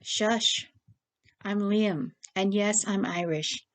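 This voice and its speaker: A woman voicing a gentle, sleepy young man who speaks softly. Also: mid-range voice, slow pace, close to an everyday voice. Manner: soft and gentle.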